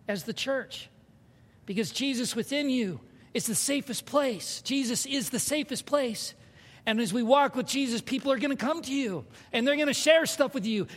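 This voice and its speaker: A man preaching a sermon as pastor, animated and conversational, with humor. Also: very high-pitched. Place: church sanctuary. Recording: hall reverb.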